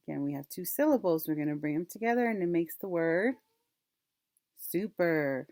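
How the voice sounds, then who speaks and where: A woman teacher leading a phonics lesson for young children, modeling words slowly and clearly and asking them to repeat. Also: lowish voice, expressive, a little mellow, dry recording, clean studio sound. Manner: slow, clear, drawn-out word modeling with repeat prompts.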